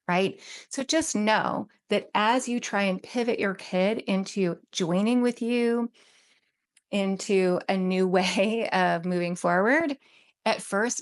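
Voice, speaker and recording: A woman with a social work background giving parenting advice to camera in a calm, steady coaching tone, often checking in with "right?". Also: medium pitch. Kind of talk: direct-to-camera advice talk.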